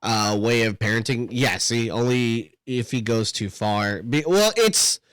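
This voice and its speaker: A man's voice: mid-range voice, expressive, a little slow, fairly bright tone, smooth, no room sound. A man co-hosting a casual podcast about being a dad, talking in a rambling way, swearing and often laughing. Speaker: podcast co-host. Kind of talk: casual chat.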